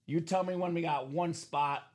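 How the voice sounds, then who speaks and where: A man's voice: fairly high pitch, normal speed. A man hosting a live trading card break stream, chatting with his co-host and explaining the rules to viewers. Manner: animated, explains rules to chat. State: coughing, losing his voice. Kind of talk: live stream sales chat.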